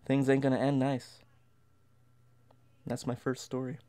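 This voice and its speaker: A man's voice: medium pitch, completely flat delivery, a little slow, warm tone. A man telling a comic tall tale as a dramatic monologue, stammering and restarting often. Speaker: storyteller.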